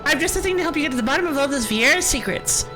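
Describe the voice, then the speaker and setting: A woman's voice: sits high, expressive, rapid-fire, over music, voice pushed up. A woman voicing a small, chirpy male moogle merchant from a video game, with an eager sales patter that keeps repeating the customer's name. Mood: perky salesy.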